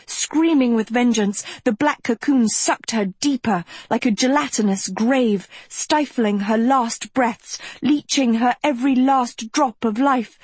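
Woman audiobook narrator, high-ish, unhurried, dramatic. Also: darkish tone, slightly rough, no room sound. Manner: measured, dramatic storytelling. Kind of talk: scripted narration.

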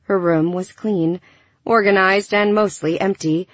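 A woman narrating a science fiction audiobook in a measured, even storytelling manner. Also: medium pitch, no room sound. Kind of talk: scripted narration. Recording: dull dry studio recording.

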